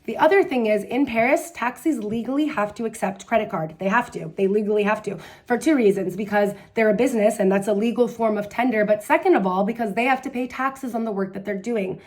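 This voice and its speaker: Brief: woman vlogger, rapid chatty delivery, fairly high voice, blunt and sarcastic. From United States. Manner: chatty, animated storytelling with quoted voices. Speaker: travel vlogger. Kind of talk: casual advice vlog.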